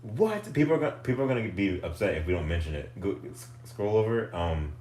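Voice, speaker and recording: Low-voiced male streamer, lively and jokey, echoey room with faint hum. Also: a little fast. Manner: goofy, animated, laughs often. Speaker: livestream host. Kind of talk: casual chat.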